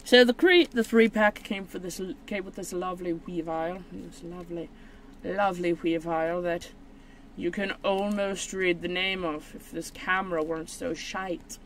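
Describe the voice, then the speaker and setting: A woman chatting casually as she opens trading cards on camera, rambling and mocking herself, with sudden high excited squeals. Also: moderate pace, a little hiss or hum. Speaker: channel host. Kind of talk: casual card-opening video.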